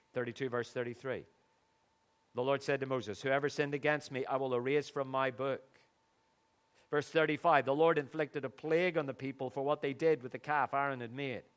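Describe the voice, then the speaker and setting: A middle-aged man preaching a sermon in an earnest, conversational way, with sudden emphatic bursts. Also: medium pitch.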